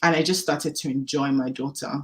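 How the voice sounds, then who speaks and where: A woman telling her personal story as a podcast guest, candid and animated, acting out the dialogue she recalls. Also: deep voice, a little fast. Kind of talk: personal testimony in a podcast interview.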